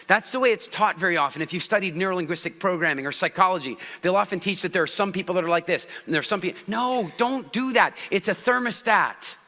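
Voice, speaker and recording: A middle-aged man giving a public speaking talk on stage to a live audience, animated and constantly shifting his pitch and loudness to act out different speaking styles. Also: fast, few pauses, big-room sound. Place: large hall with audience.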